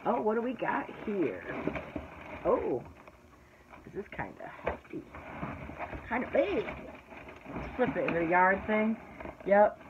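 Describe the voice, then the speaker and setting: A woman's voice: medium pitch, big pitch swings, takes it slowly, pauses often, phone-quality sound, noisy background. Chatty woman unboxing a craft haul. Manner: rambling, talks to viewers, slips into an exasperated rant. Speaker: craft vlogger and shop owner.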